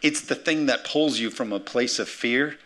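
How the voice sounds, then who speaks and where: A man preaching a sermon as pastor, energetic, calling for amens and acting out the words of scripture figures. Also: mid-range voice, normal speed. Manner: energetic, calls for amens, acts out quotes.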